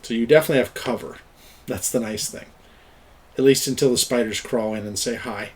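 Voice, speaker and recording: A man's voice: medium pitch, fairly quick, husky. A middle-aged man running an online tabletop game as game master, chatty and explaining, laughing often. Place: at home, online voice chat.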